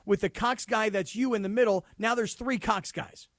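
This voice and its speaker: High-pitched radio co-host, emphatic. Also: male voice, normal speed, a bit bright, no room sound, clean studio sound. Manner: emphatic reactions and exasperated asides. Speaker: radio sports talk co-host. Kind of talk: casual radio talk banter. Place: radio studio. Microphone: studio broadcast mic.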